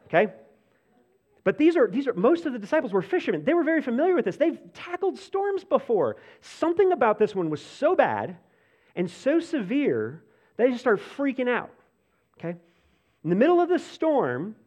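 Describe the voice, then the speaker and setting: A man preaching a sermon in a casual, conversational way, full of "like" fillers and restarts, swinging between animated bursts and hushed, soft passages. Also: high voice, lo-fi sound. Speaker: pastor.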